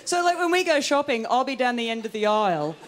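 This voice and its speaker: A woman's voice: a little high, sing-song, fast. A woman comedian doing a stand-up set on a studio stage, giggling and laughing through her lines in a self-mocking way. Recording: loud live audience laughter and noise.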